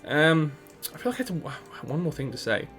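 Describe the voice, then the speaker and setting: A man hosting a let's play, talking through his game in a chatty, rambling way with a fairly high, lively voice. He stumbles over restarts and laughs at himself. Faint game music plays behind. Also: fairly quick. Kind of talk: casual gameplay commentary.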